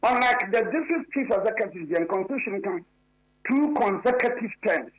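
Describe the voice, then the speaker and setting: A man with a strikingly high voice debates politics on a radio talk show. He is emphatic and insistent, restating the same point again and again until it lands. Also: animated, moderate pace, a bit bright, poor audio. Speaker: political commentator.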